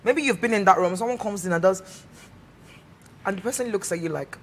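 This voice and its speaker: A woman's voice: mid-range voice, brisk, very noisy. Chatty woman co-host. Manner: chatty, reads out viewer messages, laughs often. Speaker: talk show co-host. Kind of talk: casual chat.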